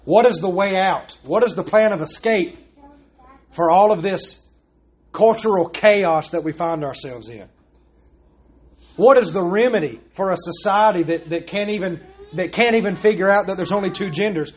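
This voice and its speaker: A man's voice: sits high, normal speed. A man preaching a sermon as pastor, pressing his points with repeated rhetorical questions.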